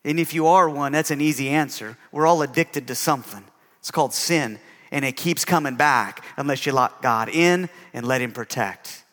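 A man's voice: medium pitch, normal speed, fairly bright tone, long reverb tail. A male pastor preaching a sermon with emphasis, often calling out for an amen.

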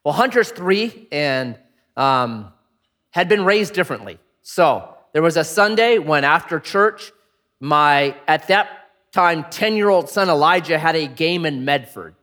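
Male pastor, thirties, lively swooping delivery, fairly high voice, self-deprecating storyteller. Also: unhurried. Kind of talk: storytelling sermon.

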